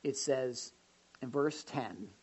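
A woman pastor preaching a sermon in an animated way, now and then acting out the voices of people in the pews. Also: extremely low pitch, slow, slightly rough, poor audio. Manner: animated, acts out congregants' voices.

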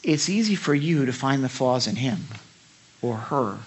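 A middle-aged man preaching a sermon, candid and self-deprecating, swinging between loud emphasis and soft asides. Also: medium pitch, lively intonation, a little slow, husky. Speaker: pastor.

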